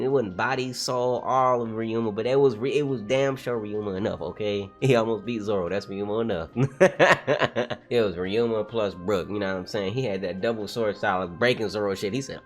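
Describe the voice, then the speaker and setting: A man doing a casual read-along reaction to a comic, talking in slang, getting excited and laughing often. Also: on the low side, normal speed, soft background music. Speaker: manga reaction streamer.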